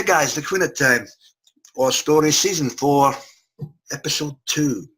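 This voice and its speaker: Chummy male host, husky and punchy, jokes with his panel over a video call. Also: mid-range voice, a bit bright. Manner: jokey, chummy, calls everyone mate. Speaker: podcast host. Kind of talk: casual review chat.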